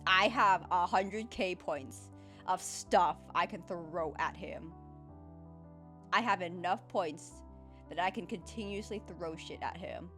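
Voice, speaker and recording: A young woman streamer chatting casually, with animated, dramatic, playful complaining and lots of laughter. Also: lowish voice, takes it slowly, faint music behind.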